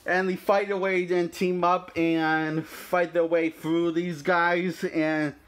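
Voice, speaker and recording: Halting man retelling a movie. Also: sits high, level tone, a bit bright. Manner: halting, many fillers, frequent chuckles. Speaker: film reviewer. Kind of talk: casual movie plot retelling.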